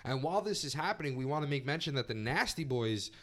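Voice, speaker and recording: A man's voice: medium pitch, lively intonation, fast. Man rambling through a casual recap. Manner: rambling, with many fillers and swearing. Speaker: podcast co-host. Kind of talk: casual chat recapping a wrestling event.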